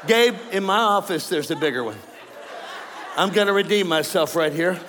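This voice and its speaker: A man preaching a sermon to a congregation, animated and joking with the crowd. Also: high voice, normal speed, slight background noise. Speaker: pastor. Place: large church auditorium. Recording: long hall reverb, faint ambience.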